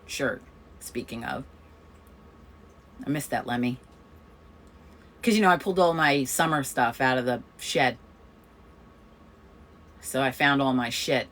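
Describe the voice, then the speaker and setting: Her voice is a bass, unhurried and broken by long pauses. As host of a community coffee chat, she chats casually through a story, laughing often and playing out each person she quotes.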